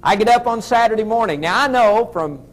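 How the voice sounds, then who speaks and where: A man's voice: sits high, expressive, fairly quick. A middle-aged man with a Southern American accent, telling a folksy story as a motivational speaker addressing an audience. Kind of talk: storytelling keynote speech.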